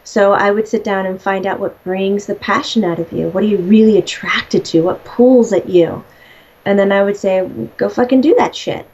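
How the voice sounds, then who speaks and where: A woman's voice: medium pitch, steady tone, normal speed, darkish tone, slightly rough. A woman relaying messages as a medium in casual conversation, chatty, laughing often and swearing freely. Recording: slightly dull lo-fi audio.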